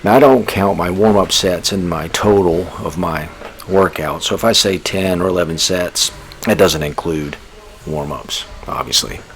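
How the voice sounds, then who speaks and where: A man's voice: deep voice, moderate pace, slight background noise. A man in his sixties hosting a fitness vlog, chatting to viewers in a casual, folksy way. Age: 60s. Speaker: fitness vlogger. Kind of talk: casual workout vlog chat.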